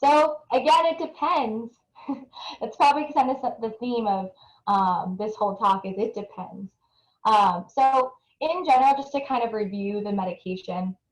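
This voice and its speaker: The speaker is a young adult woman researching nutrition, giving an explanatory webinar talk with an audience poll. She has a fairly high voice and moderate pace; the recording is reverberant and low quality, and she often starts phrases over with earnest care.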